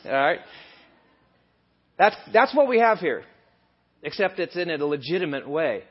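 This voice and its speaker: Man, church sermon, slightly high voice, dull lo-fi recording. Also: unhurried, husky. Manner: conversational, building to animated emphasis. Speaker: lay preacher. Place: church hall.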